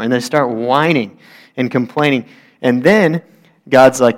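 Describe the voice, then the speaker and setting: A man's voice: mid-range voice, a little fast. A young man preaching a casual sermon, talking in a loose, conversational way and acting out complaining voices. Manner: conversational, acts out whiny voices, grows heated.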